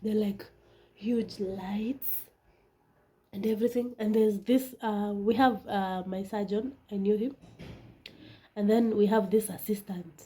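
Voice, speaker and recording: A woman telling a personal story in a casual vlog, animated and dramatic, often dropping into a whisper. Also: medium pitch, unhurried. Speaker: vlogger.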